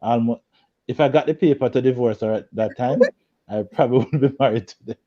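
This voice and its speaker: A man's voice: medium pitch, fairly quick, muffled recording. A man, a guest in a group video chat, animatedly telling a story and laughing often. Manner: animated storyteller, laughs a lot, acts out quotes loudly.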